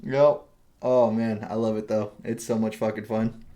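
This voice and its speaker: Man, podcast host, lowish voice, rambling and animated, swears a lot. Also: moderate pace. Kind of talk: casual chat.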